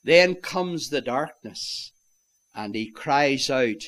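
A man preaching a sermon, swinging from loud declarations to hushed, near-whispered lines and calling his listeners "my friends". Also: medium pitch, lively intonation, takes it slowly.

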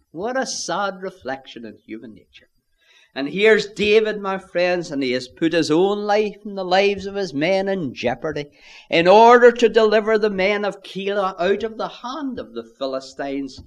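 A man preaching a sermon, earnest, reading scripture in old-fashioned wording and dropping to a near hush for emphasis. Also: sits high, lively intonation, moderate pace.

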